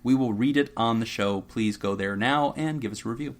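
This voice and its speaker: A man's voice: medium pitch, brisk. A man co-hosting a casual podcast, reading out supporter thank-yous with frequent laughter. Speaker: podcast co-host.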